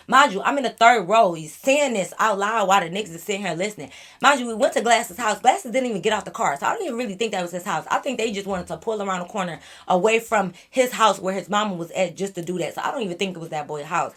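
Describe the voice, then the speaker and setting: A woman's voice: mid-range voice, fast talker. A young woman vlogger telling a casual story, blunt and profane, acting out what her friends said. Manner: animated, blunt, profane, acts out quoted friends.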